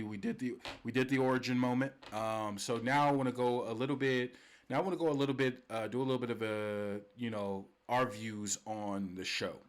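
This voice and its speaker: A young man co-hosting a podcast in casual chat, animated and often laughing, with many restarts. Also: mid-range voice. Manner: animated, laughing, repeats and restarts, drops to a soft hushed voice. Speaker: podcast co-host.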